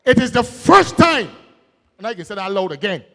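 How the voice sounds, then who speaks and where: A man with a Barbadian accent giving a political rally speech, folksy and joking, then building to shouted emphasis. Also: high voice, very animated, moderate pace, gravelly. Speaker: political speaker. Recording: long hall reverb.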